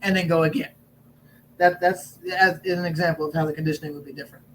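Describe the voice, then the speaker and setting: A man's voice: a little high, fast talker, slight background noise, rough recording. A man who is a wrestling referee, from Augusta, telling stories as a guest and acting out lines with a raised voice. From Augusta, Georgia. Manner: animated storyteller who acts out lines in a raised voice. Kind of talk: casual interview storytelling.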